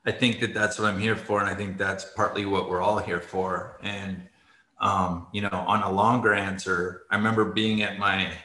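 A middle-aged man talks over a video call from an echoey room, and his voice sounds bright and forward. He rambles through his stories, leans on "like", laughs in between, and sounds tearful at moments. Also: low voice, little pitch movement, normal speed. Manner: rambling, says "like" often, laughs while telling. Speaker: interview guest, former ice hockey player. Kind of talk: casual interview storytelling.

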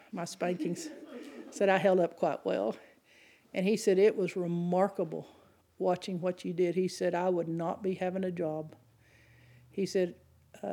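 A woman preaching a sermon, telling stories in an animated way and acting out the people she quotes. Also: on the low side. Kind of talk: sermon with storytelling.

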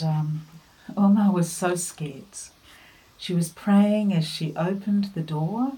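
A woman giving a devotional talk, telling a family story and offering earnest, gentle encouragement. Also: on the low side, poor audio. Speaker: devotional speaker.

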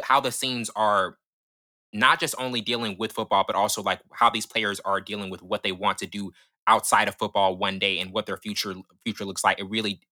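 A young man co-hosting a casual film-review podcast, talking quickly with lots of fillers and restarts. His voice is bright and forceful, and the dry, close sound leaves almost no room around him. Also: lowish voice, no room sound. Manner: fast, eager, many restarts and fillers. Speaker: podcast co-host.

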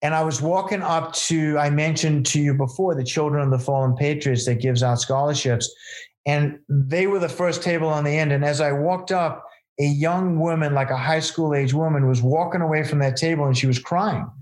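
Male storyteller, slightly high voice, earnest, rambling interview style. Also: moderate pace, darkish tone. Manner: earnest, rambling, many fillers and restarts. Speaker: event founder telling stories to a host.

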